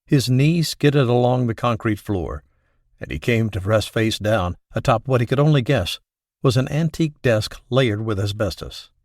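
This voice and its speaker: A man reading an audiobook as scripted narration, in a steady, even storytelling manner. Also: medium pitch, moderate pace, no echo, clean studio sound.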